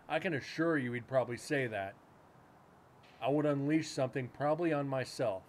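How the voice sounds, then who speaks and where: A man's voice: mid-range voice, a little fast, a little hiss or hum. Rambling, profane male livestream host. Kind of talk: casual livestream chat. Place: home room with a cat nearby.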